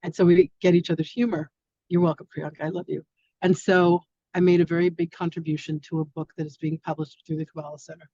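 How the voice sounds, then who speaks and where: A woman's voice: on the low side, little pitch movement, fast talker, dark tone, breathy edge, no echo. A woman hosting an online spiritual masterclass over a video call, talking in a casual, effusive and affectionate way. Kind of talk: casual live-stream chat. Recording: dull lo-fi stream audio.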